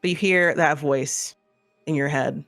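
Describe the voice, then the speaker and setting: A man's voice: a little high, fairly even intonation, measured pace, a bit bright. A man with a Missouri accent, narrating a tabletop horror game as game master in a casual, rambling way. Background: faint music.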